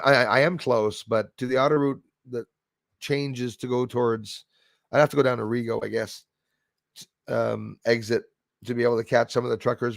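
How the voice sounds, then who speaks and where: A man's voice: mid-range voice, gravelly, dry recording, clean studio sound. A man hosting a casual livestream, rambling bluntly and greeting viewers by name. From Canada. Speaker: livestream host reading chat. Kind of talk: casual live-stream chat.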